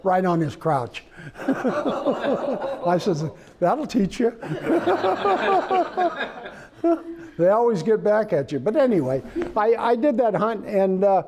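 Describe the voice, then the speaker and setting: Halting, rambling man telling a hunting story. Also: high-pitched, dark tone. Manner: rambling, halting with many restarts. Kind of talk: casual storytelling. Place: indoors, room with his trophy rug on the wall.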